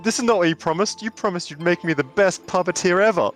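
A man playing a tabletop game, playful and halting. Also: high-pitched, soft background music. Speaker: player. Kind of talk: casual tabletop game chat.

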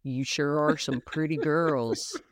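A woman's voice: deep voice, steady tone, slow pace, dry recording, clean studio sound. A woman playing a leering, creepy older man.

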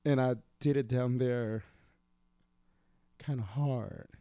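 A man's voice: medium pitch, steady tone, slow, dark tone, clear, resonant tone, dry recording, clean studio sound. A young man telling a rambling, profane story in casual chat, with lots of "like" fillers.

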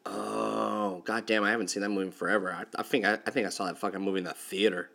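Low-voiced blunt swearing man. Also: quick pace, gravelly. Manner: blunt and profane, animated storyteller. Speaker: podcast co-host. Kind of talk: casual chat.

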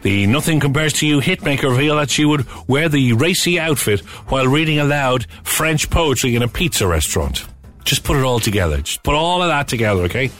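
A man's voice: medium pitch, expressive, a little fast, a bit bright. A man presenting a radio show in a chatty manner, with wry asides. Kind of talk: casual radio chat.

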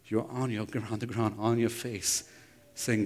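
Preacher in a reverberant hall. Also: male voice, mid-range voice, a little fast. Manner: animated storytelling, asking the congregation questions. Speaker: pastor. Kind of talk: sermon. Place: church sanctuary.

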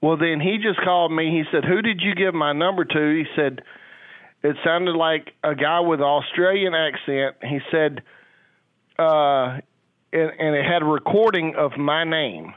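A man's voice: a little high, measured pace, dry recording. An older man on a phone call, a father who talks in a rambling, hesitant way with many fillers. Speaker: caller, a father. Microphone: telephone. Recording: tinny phone line.

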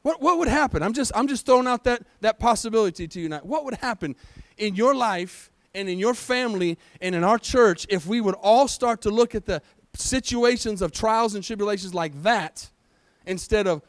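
A man with a high voice preaches a lively sermon, throwing rhetorical questions at his congregation and waiting for them to answer. His delivery is animated and conversational, swinging between loud pushes and quiet asides. The sound is dry and close. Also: moderate pace, no echo. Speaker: pastor. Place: church.

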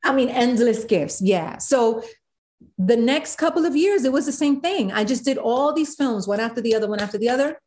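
A woman, a guest in an interview, telling a story with animated quoted voices. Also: a little high, normal speed. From South Bronx, New York. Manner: animated, acts out quotes of others.

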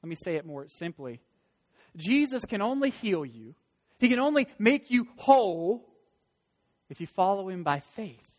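A man preaching a sermon as pastor, emphatic with loud stresses and folksy asides. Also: high-pitched, big pitch swings, measured pace, pauses often. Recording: long hall reverb.

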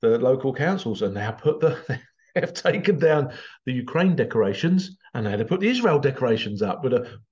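Male vlogger, animated ranting monologue, medium voice, dull recording. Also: mid-range voice, normal speed. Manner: animated, repetitive, acts out quotes in exaggerated voices.

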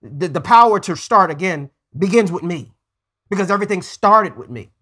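A man's voice: high-pitched, lively intonation, normal speed, pushed and bright. A man preaching a conversational sermon as pastor, earnest, often stumbling and repeating words as he goes.

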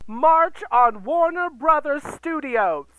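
A man's voice: very high voice, lively intonation, slow pace, pushed and bright, a little hiss or hum, voice pushed up, full character voice, poor audio. A man doing a campy, dramatic drag queen persona who hosts a podcast and rants theatrically into a computer sound recorder. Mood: outraged. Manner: theatrical, gasping, swearing, camp. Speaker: podcast host. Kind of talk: ranting podcast monologue.

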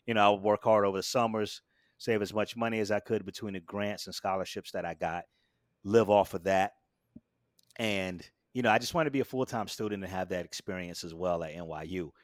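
A man telling a long personal story in a casual interview, animated and acting out what people said. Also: fairly quick, no echo, studio quality. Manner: animated, acts out quotes with big jumps in pitch and volume. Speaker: guest.

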